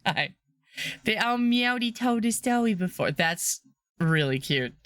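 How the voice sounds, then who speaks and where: Giggly woman streamer with a lively voice. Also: takes it slowly, no room sound, clean studio sound. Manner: giggly and rambling, laughs often; playful, bursts into high squeals. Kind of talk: casual livestream chat.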